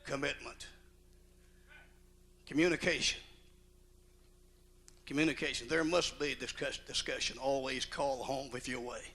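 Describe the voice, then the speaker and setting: A male pastor preaching a sermon in a folksy, emphatic way, swinging from quiet asides to loud outbursts. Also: mid-range voice, steady tone, normal speed, few pauses. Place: church auditorium.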